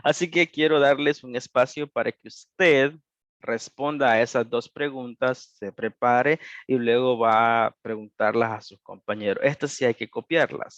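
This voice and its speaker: A man's voice: medium pitch, moderate pace, a bit bright, dry recording. A male English teacher running an online class, switching between Spanish and English and encouragingly reading out students' answers. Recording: dull, muffled online-class audio.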